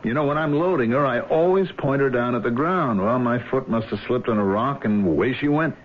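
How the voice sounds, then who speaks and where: An actor playing a middle-aged man haunted by a lost memory, in 1970s radio drama style with a low, intense delivery. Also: fairly quick, close to an everyday voice. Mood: guarded. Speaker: lead character. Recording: dull old radio recording with hiss.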